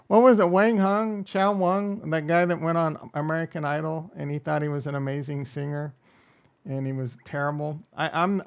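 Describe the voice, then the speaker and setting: A man's voice: fairly high pitch, vocal fry. A man hosting a casual crypto livestream, rambling and joking as he reacts to chat and runs through coin prices. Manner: rambling, jokey, self-deprecating, reads chat aloud.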